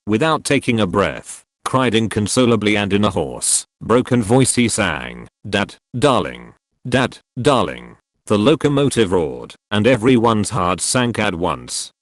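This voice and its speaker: A man reading a historical novel aloud as an audiobook narrator, in a solemn, measured way. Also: on the low side, dry recording, studio quality.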